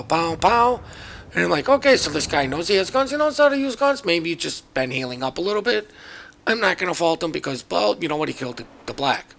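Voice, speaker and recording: A man's voice: on the high side, vocal fry, fairly bright tone. A man giving casual, joking commentary over his own naval battle game footage, chatty and self-mocking. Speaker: gameplay commentator.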